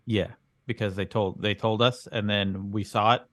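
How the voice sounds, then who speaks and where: A man's voice: on the low side, steady tone, moderate pace, fairly bright tone, no room sound, studio quality. A man co-hosting a comedy podcast as the bemused straight man, asking puzzled questions. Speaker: podcast co-host. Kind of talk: improvised comedy chat.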